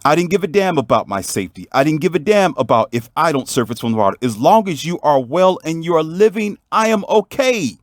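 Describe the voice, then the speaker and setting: A man's voice: fairly high pitch, very animated, brisk, hardly any pauses, no echo, clean studio sound, pitched above the performer's own voice. A man voicing a young brother who speaks earnestly to his sister. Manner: earnest, insistent. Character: devoted young brother who nearly drowned.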